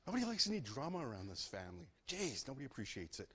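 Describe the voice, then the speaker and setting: A man telling a story aloud to an audience in a playful, lively way, asking listeners to join in. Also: medium pitch, rapid-fire, breathy edge. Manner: lively, playful, asks listeners to repeat words.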